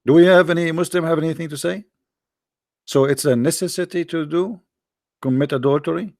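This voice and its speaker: A middle-aged man hosting a livestream, joking sarcastically and reading the chat aloud, in halting non-native English. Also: fairly high pitch, darkish tone, no room sound, studio quality. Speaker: livestream host. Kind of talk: casual live-chat banter.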